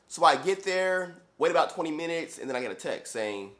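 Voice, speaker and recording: A young man, a running shoe vlogger, telling a story in an animated, exasperated way, full of "like". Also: a little high, a little fast, hardly any pauses. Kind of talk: casual storytelling.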